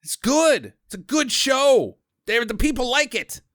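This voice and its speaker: A man hosting a podcast in casual chat, animated and joking, with silly sound effects. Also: very high voice, a little slow, no echo, clean studio sound. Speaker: podcast host.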